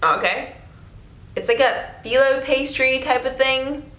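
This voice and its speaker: A young South African woman vlogs a food taste test, chatting casually and exclaiming often in a high, bright, forceful voice while taking her time. The room she's in is echoey.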